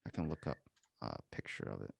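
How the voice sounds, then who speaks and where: A man's voice: a bass voice, animated, a little fast, creaky, breathy edge, no room sound. A man hosting a podcast, telling a story in rambling, profane casual chat over a video call. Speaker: podcast host.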